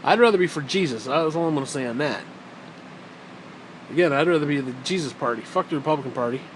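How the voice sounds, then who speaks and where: A man's voice: fairly high pitch, expressive, fast talker, a little hiss or hum, low-quality recording. Profane, sarcastic man ranting. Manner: profane, sarcastic, rambling rant. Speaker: vlogger. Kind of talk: rambling monologue.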